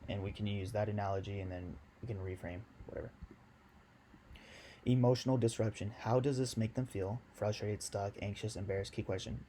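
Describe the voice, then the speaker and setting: Slangy low-voiced man coaching sales. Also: steady tone, a little fast, warm tone, a little hiss or hum. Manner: slangy, loose and chatty, talking straight to viewers. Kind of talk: casual video lesson.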